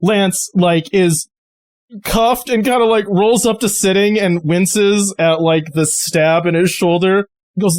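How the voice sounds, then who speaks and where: A man's voice: high-pitched, steady tone, takes it slowly. Chatty man running a tabletop game. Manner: loose, chatty, laughing, many fillers. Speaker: game master.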